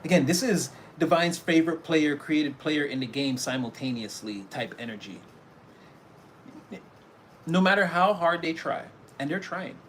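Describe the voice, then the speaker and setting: A man's voice: on the high side, slight background noise. A man giving a casual tarot reading, talking animatedly and acting out little scenes, often breaking into laughter. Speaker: tarot reader.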